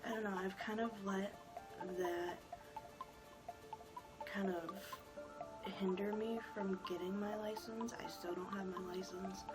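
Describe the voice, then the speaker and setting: A woman's voice: mid-range voice, fairly even intonation, unhurried, long pauses, loud music behind the voice, low-quality recording. A woman in her twenties telling a personal story in a casual, rambling way with lots of filler words. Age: 20s. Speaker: vlogger.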